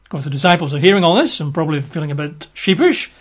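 Brit preacher guy chatting through a bible passage, slightly high voice, hesitant, lots of ums. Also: animated, quick pace. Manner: chatty and hesitant, many fillers and 'sort of'. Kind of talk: conversational Bible teaching.

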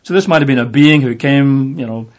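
A man teaching from the Bible in a relaxed, conversational way, with lots of fillers, sometimes acting out the voices in the passage. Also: mid-range voice, brisk. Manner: conversational, with many fillers, acts out voices in the reading. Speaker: preacher. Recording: dull lo-fi audio.

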